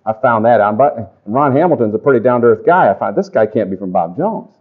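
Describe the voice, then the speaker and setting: A middle-aged man preaching a testimony sermon to a congregation, folksy and animated in his storytelling. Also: medium pitch, a little fast. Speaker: pastor. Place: church or camp meeting. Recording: dull lo-fi live recording.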